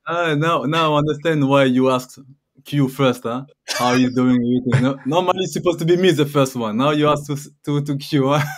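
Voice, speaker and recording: A man's voice: on the high side, fairly even intonation, normal speed. Hesitant man speaking careful English. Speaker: podcast co-host. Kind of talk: casual chat.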